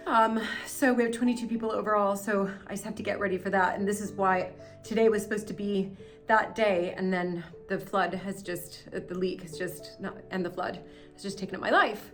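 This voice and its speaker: Emotional American woman filming a vlog. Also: mid-range voice. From United States. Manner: emotional, rambling, apologetic. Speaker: host. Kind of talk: casual vlog narration. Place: indoor cellar. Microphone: handheld camera she is filming with.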